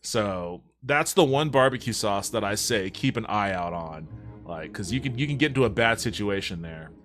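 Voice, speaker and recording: A man casually chatting with his viewers on a livestream, relaxed and profane, reading chat aloud and answering it. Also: lowish voice, moderate pace, soft background music.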